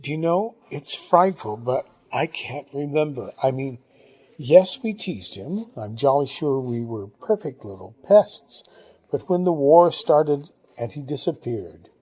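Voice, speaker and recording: A man voicing a husky, gushing older Englishwoman. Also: mid-range voice, animated, warm tone. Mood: reminiscing. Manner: brisk, upper-class gushing exclamations. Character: genteel older Englishwoman, chatty and fond of the past. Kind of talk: audiobook reading.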